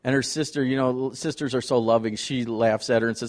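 A middle-aged man speaking as a visiting ministry leader at a church, telling stories in an excited, rambling way. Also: mid-range voice, a little fast. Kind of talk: testimony talk to a congregation.

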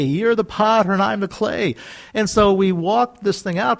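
A man preaching a sermon in a lively, animated way, acting out quoted voices and laughing often. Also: sits high. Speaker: pastor.

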